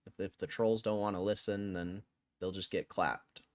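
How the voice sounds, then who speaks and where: Low-key man chatting on a livestream. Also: normal speed. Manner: low, flat, mumbling tone he says sounds angry; breaks into song and a high cheery put-on voice as a joke. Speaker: stock livestream host. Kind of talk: casual livestream chat with viewers.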